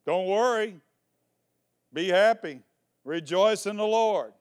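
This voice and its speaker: Male pastor, slow and clear, playful with his flock, reads scripture then explains it. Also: high-pitched. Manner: joking, teasing the congregation. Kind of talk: sermon. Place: church before a congregation.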